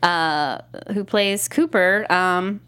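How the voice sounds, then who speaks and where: A woman's voice: on the low side, extremely slow, a bit bright. A woman co-hosting a podcast in a studio, chatting casually about a TV show, rambling with lots of fillers and restarts. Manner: rambling, full of fillers and restarts, laughs easily. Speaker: podcast co-host. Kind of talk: casual chat recapping a TV show. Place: recording studio.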